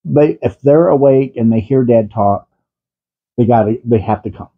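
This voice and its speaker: A crafting channel host talks to his pet cats in doting baby talk while chatting casually to viewers at home. His voice is medium-pitched at a moderate pace, and the audio is tinny and phone-like.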